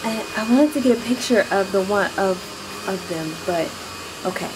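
A woman's voice: medium pitch, normal speed, noisy background. A woman vlogger chatting nervously to a handheld camera while standing on her front porch outdoors at night. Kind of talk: casual vlog. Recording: outdoor night with loud crickets.

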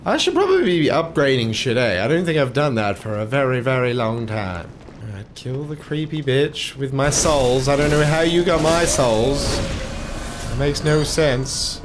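A man doing let's play commentary on a game. He cusses at enemies and swings between loud outbursts and low muttering. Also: sing-song, moderate pace, background noise. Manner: swears and curses at enemies. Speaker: gameplay commentator.

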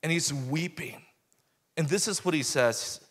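A man telling a lively testimony story on a ministry panel, laughing and raising his voice at the punchlines. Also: fairly high pitch, unhurried, long reverb tail.

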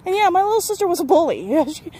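A woman's voice: extremely high pitch, very animated, quick pace, mellow, slight background noise. A young adult woman telling a personal story to camera, candid and rambling, often laughing and correcting herself. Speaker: vlogger.

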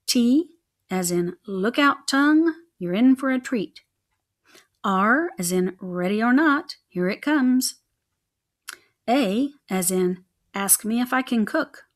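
A woman's voice: expressive, slow pace. A woman doing a boastful rhyming mouse cook. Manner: rhyming, sing-song sales pitch.

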